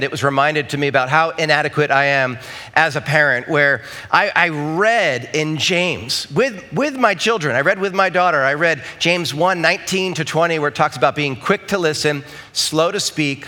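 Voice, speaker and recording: A male pastor delivering a sermon with a high, bright and forceful voice. He talks in a relaxed, story-driven way, pokes fun at himself, and gets animated when he acts out his own words. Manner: conversational storytelling, self-deprecating, animated when quoting himself.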